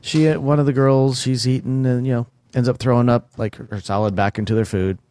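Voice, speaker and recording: A man's voice: medium pitch, steady tone, a little fast, dark tone, no echo. A man in casual podcast chat, telling long stories with many fillers and restarts.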